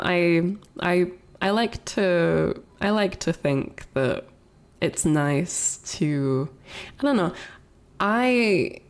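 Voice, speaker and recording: Woman, VTuber streamer, casual chat, rambling, self-conscious, lowish voice. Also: darkish tone. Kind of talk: casual livestream chat, reading chat aloud.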